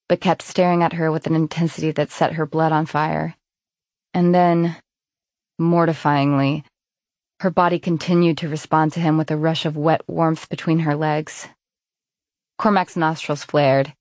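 Low-voiced woman narrating an audiobook. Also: a little mellow, no room sound. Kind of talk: scripted narration.

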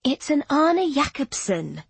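Woman doing a lofty chatty young woman, enthusiastic, husky, dry sound. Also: medium pitch, very animated, normal speed, no room sound, heavily acted.

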